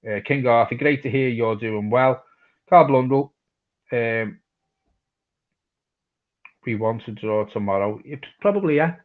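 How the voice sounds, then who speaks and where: Male Scouse fan-channel host, mid-pitched, laid-back and blunt, reads live comments; muffled stream sound. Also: unhurried, pauses often. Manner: casual, swears freely, reads chat messages aloud. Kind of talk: live match watch-along chat.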